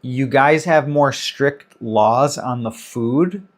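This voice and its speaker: A man's voice: medium pitch, slow pace. A man in his thirties hosting a casual livestream Q&A, chatting loosely and greeting viewers by name as he reads the chat. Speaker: livestream host.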